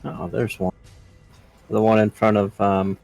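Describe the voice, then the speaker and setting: A man's voice: on the low side, flat delivery, a little slow, creaky, a little mellow, no echo, soft background music. A man playing a tabletop role-playing game, musing as he plans his move. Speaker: player. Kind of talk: casual tabletop play.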